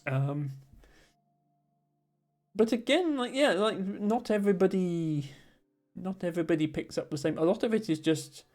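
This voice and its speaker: With soft background music, the Somerset woman speaks at normal speed in a lowish, dark and expressive voice. Her accent is a general, slightly posh southern English one, and she chats casually on stream, reasoning through puzzles out loud and reading chat messages aloud.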